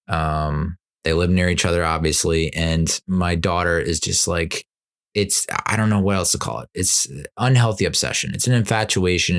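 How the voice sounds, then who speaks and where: A man hosting a podcast, telling his own stories in a casual monologue and acting out quotes with big jumps in pitch. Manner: animated, jumps up high when acting out quotes. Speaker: podcast host.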